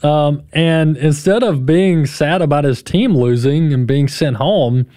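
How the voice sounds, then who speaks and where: A man's voice: fairly high pitch, measured pace, mellow, no echo, studio quality. A man hosting a radio talk show, giving conversational, emphatic commentary.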